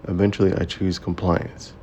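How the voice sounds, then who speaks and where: A man reading a romance story aloud as its narrator, in a steady, measured way. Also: sits low, slight background noise. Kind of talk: scripted audiobook narration.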